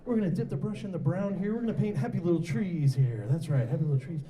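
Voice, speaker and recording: A man voicing a gentle, calm male painter who talks softly and soothingly. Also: sits high, lightly acted. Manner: slow, soothing, hushed.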